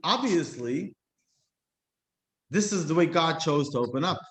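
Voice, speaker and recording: Brief: a reflective male teacher giving a class, slightly high voice, roomy echo. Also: animated, fairly bright tone. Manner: reflective, slows to stress key words. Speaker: Jewish teacher. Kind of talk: explanatory class talk.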